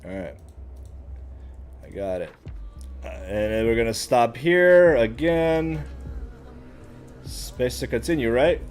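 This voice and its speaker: A man's voice: medium pitch, takes it slowly, long pauses, a little mellow, soft background music. A man streaming a game, muttering and swearing as he works out the controls. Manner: profane, swears a lot, frustrated muttering. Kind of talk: casual gaming commentary.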